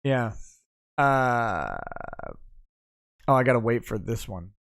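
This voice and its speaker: A man's voice: medium pitch, takes it slowly, gravelly. A man hosting a casual late-night livestream, bluntly chatting and reading viewer comments aloud. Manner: blunt, profane, reads comments in a flat run. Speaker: livestream host.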